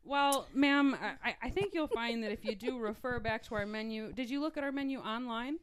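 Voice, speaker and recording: A woman's voice: fairly high pitch, a little fast, crowd noise, lightly acted. A woman playing a flustered apologetic restaurant manager. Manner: hesitant, over-apologetic. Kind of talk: comedic improv on a podcast.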